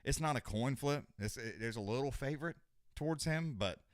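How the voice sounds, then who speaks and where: A man's voice: medium pitch, expressive, fairly quick, dry recording, studio quality. An older man hosting a live stream, chatting casually in a rambling, profane way with lots of restarts. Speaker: host of a live fight companion stream.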